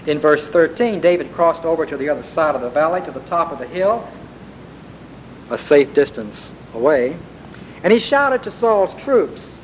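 Emphatic preacher retelling a story. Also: male voice, fairly high pitch, moderate pace, poor audio. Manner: storytelling with emphatic rises and repetitions. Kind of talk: sermon. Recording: faint background hiss.

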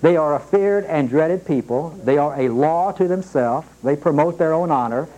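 A man preaching a sermon, slowing down to read scripture aloud and rising sharply in pitch on his questions. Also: dark tone, muffled recording. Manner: emphatic, rises sharply on questions. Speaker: pastor.

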